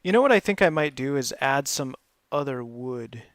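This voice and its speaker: A man's voice: medium pitch, expressive, normal speed, a bit bright, no echo, studio quality. A man chatting casually while streaming a building game, laughing often and filling his talk with lots of ums. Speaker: live gaming streamer.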